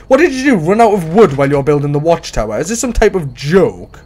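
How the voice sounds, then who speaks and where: A man doing casual let's play commentary on a horror game, excitable and bursting into shouts. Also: on the high side, fairly quick, few pauses. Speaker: gaming YouTuber.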